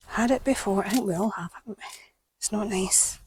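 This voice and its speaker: A woman with a British accent hosting a gardening vlog outdoors at an allotment, talking to camera and often dropping to a hushed whisper. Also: medium pitch, normal speed, pauses often, breathy edge. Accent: British English. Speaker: gardening channel host. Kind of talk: casual vlog talk to camera. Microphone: small clip-on microphone.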